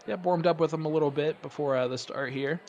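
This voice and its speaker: A man doing casual play-by-play darts commentary, chatty and rambling, getting excited on big throws. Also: on the high side, fast, muffled recording, a little hiss or hum.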